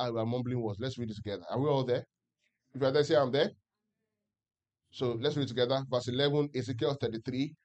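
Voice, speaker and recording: Male pastor at mid pitch, preaching to a congregation with constant call-and-response checks. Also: quick pace, long pauses, a little mellow. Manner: keeps asking the congregation if they follow; leads the congregation in reading scripture aloud. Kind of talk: sermon. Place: church service with a congregation.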